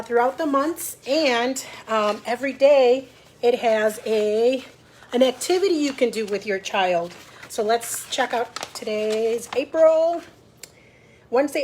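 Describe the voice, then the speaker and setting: A woman librarian hosts a storytime, speaking with a bright, high voice. She talks slowly and chattily to young children, turning to them with little questions between the pages. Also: a little hiss or hum. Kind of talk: storytime read-aloud.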